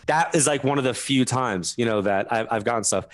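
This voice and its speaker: A man telling stories as a guest on a radio interview, laughing through them and dropping in quick asides. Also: medium pitch, very animated, fairly bright tone. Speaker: guest medium. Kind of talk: animated storytelling interview.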